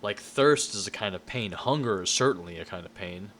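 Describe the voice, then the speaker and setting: A man's voice: lowish voice, expressive, a little fast, fairly bright tone, slight background noise. A man giving an informal lecture in a loose, conversational way, often checking in with "right?" and restarting his sentences.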